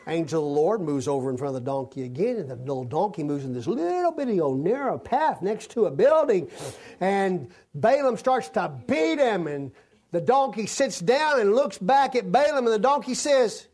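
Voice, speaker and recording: Reading scripture aloud during an expository sermon, a male preacher teaches the Bible and breaks off into folksy, chatty asides. He speaks at a moderate pace in a high, very animated voice with a darkish tone.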